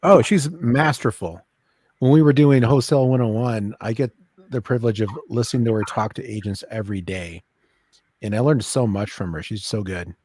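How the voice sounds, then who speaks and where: A man praising a colleague's call technique in relaxed, conversational commentary. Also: lowish voice, brisk. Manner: admiring, relaxed, explanatory.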